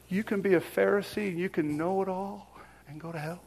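A middle-aged man preaching a sermon, telling a personal story and swinging from whispers to loud exclaims. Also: fairly high pitch, fairly even intonation, fast talker, a little hiss or hum.

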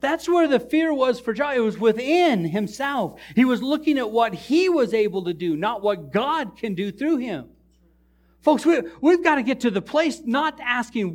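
Animated high-voiced male preacher. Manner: animated storytelling preacher, jokes with the congregation. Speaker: pastor. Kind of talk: sermon. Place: church.

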